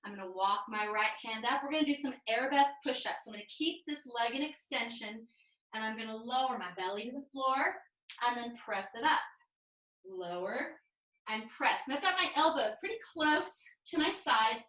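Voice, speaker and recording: A woman leads a mat pilates class over a video call, her voice bright and fairly high. She cues each move and breath in a calm, step-by-step way, and the sound comes through a roomy, echoey space. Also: a little fast. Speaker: pilates instructor. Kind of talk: cueing a live online mat class.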